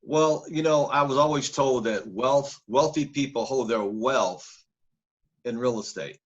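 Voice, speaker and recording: A man from Northern California with a husky, grainy voice tells his life story as a podcast guest. He leans hard on words and repeats them for stress. The audio sounds dull and lo-fi. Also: medium pitch, a little slow.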